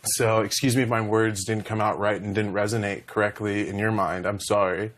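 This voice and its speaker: A young man with a somewhat low voice talks through a heated confrontation. He rambles and gets emotional, often acting out what others said to him. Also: flat delivery, a little fast, fairly bright tone. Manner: rambling, emotional, retells dialogue. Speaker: reality show contestant. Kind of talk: heated conversation.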